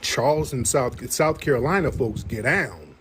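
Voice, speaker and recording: A man with kids hosting a live stream, chatting casually in an animated, slangy way and repeating himself. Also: medium pitch, unhurried. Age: adult, has kids. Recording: noisy stream audio.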